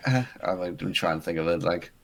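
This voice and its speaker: A man's voice: sits low, brisk, poor audio. A man with a South African accent, chatting as a guest on a stream, often hesitating and restarting his sentences between laughs. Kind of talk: casual chat on a stream.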